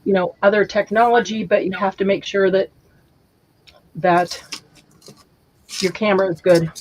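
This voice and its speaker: A woman's voice: medium pitch, fairly even intonation, moderate pace, slight background noise. A woman hosting a casual craft livestream, chatting and reading out viewer comments. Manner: chatty, talks while eating. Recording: dull lo-fi stream audio.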